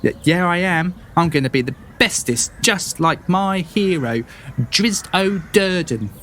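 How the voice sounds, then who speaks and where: Man putting on a squeaky excited young boy. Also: measured pace, slight background noise. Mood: proud. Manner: high-pitched, eager and boastful. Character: excitable young farm boy playing knight.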